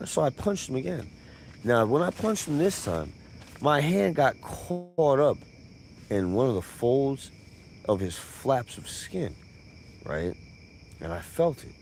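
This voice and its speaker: A man's voice: mid-range voice, sing-song, takes it slowly, creaky, long pauses, darkish tone, a little hiss or hum. A man telling a profane comic tall tale on a live stream, with conversational asides.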